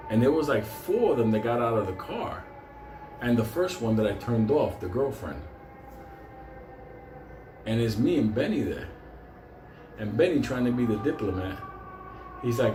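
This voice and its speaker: A man's voice: mid-range voice, darkish tone, a little hiss or hum. Profane rambling storyteller man. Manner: profane, rambling, laughing often. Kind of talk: casual storytelling. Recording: echoey room with faint ambience.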